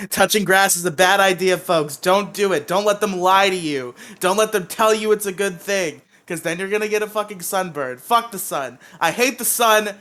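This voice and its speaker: A man's voice: sits high, normal speed, few pauses, pushed and bright. A young man co-hosting a podcast, telling rambling stories in casual chat, swearing often and laughing at himself. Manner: rambling, swearing, self-mocking with frequent laughs. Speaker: podcast co-host.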